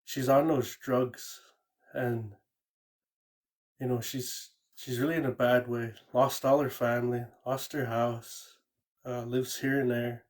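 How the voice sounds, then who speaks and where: A man's voice: medium pitch, level tone, slow pace, a little mellow. A man calling in to tell a true ghost story in a rambling, casual way, often repeating words and saying "you know". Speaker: caller sharing a ghost story.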